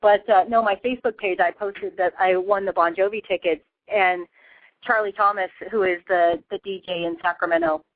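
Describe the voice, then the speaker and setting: A woman's voice: medium pitch, fairly even intonation, moderate pace, dry recording. A woman hosting a casual radio interview, a chatty storyteller who laughs often. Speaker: host. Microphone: phone. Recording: tinny phone line, dry.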